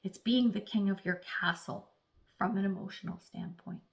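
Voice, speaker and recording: A woman's voice: mid-range voice, moderate pace, vocal fry. A woman giving a casual, chatty tarot reading, playfully acting out little voices as she talks. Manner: speaks of herself as an earth sign. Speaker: tarot reader.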